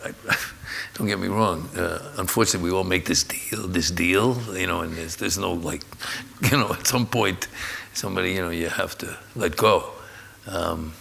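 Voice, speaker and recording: A man's voice: low voice, normal speed, gravelly, few pauses, pushed and bright, slight background noise. A man interviewing a friend onstage at a live talk event, searching for words and rephrasing his questions. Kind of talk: onstage conversation.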